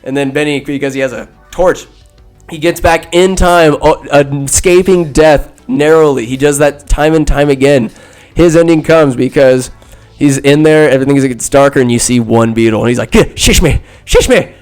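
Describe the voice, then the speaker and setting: A man hosting a podcast, telling a movie recap in a rambling, animated way and acting out the characters' lines. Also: mid-range voice, normal speed, clear, resonant tone, soft background music. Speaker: podcast host. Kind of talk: casual solo movie recap.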